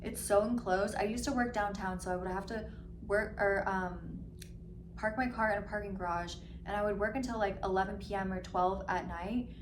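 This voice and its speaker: Young woman vlogger, irritated storytime rant, filler-heavy and profane, mid pitch, roomy echo with faint ambience. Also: fairly even intonation, noisy background. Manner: ranting, heavy filler "like", swearing, quick mimicry of others. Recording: slightly echoey room with faint ambience.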